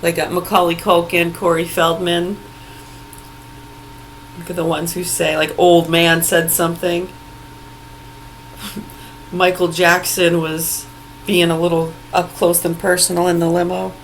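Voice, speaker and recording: A woman's voice: lowish voice, flat delivery, a little slow, pauses often, a little hiss or hum, low-quality recording. Angry, profane woman ranting. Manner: mocking, with bursts of laughter. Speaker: vlogger. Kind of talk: ranting vlog monologue. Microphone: phone video recording.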